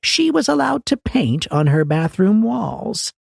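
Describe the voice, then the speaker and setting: A man narrating an audiobook in an expressive, wry reading style. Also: sits high, unhurried, vocal fry, slightly rough, no room sound. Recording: dry close recording.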